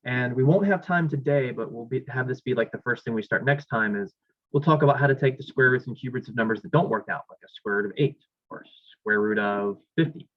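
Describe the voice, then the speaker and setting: Guy teaching a math class, middle pitch, thinks out loud, kinda muffled lo-fi recording. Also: a little fast. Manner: talks while writing, thinks aloud, self-corrects. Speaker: math instructor. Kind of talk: classroom lecture at a whiteboard.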